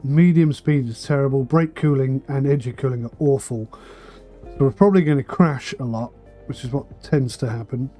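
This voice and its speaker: Man on a game stream, mellow voice, dry asides, slight throat tickle, faint music behind. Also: mid-range voice, normal speed. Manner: thinks aloud while playing, dry asides. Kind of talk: casual charity livestream commentary.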